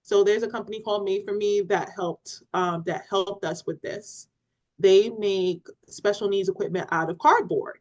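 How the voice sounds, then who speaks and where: A muffled recording captures a female parenting podcast co-host speaking at normal speed in a mid-range voice. Chatting casually, she tells a story with animation, acting out what people said and laughing.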